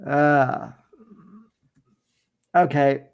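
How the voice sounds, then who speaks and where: Male host with a fairly high voice, slow, hesitant and easygoing. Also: steady tone, clear, resonant tone, highs cut off. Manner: easygoing, hesitant, many fillers. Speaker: show host. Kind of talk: casual online show chat.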